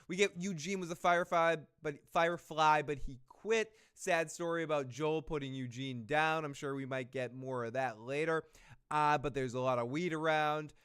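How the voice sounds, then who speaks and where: A man hosting a casual recap chat, excitable and joking, with loose swearing. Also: on the high side, normal speed, clear, resonant tone. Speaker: podcast host.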